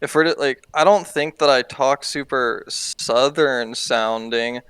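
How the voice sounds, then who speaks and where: A man's voice: mid-range voice, measured pace, fairly bright tone, smooth, no room sound. A young man from Oklahoma hosting a podcast, chatting casually in a laid-back, rambling way and swearing freely. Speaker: podcast host. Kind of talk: casual chat.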